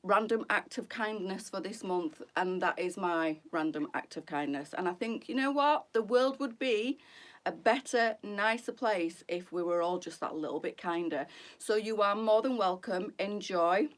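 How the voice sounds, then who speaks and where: A woman in middle age chats warmly and openly on a live shopping stream. She sounds heartfelt and personal, speaks at an ordinary mid pitch, and keeps addressing her viewers as girls. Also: moderate pace. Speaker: boutique owner hosting a live try-on stream. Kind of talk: casual live-stream chat.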